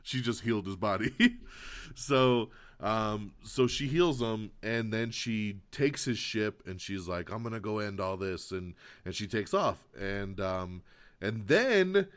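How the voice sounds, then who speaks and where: A man hosting a casual movie review podcast, retelling scenes with animated, profane excitement. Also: on the low side, slow, clear, resonant tone. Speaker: podcast host. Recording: dull lo-fi podcast audio.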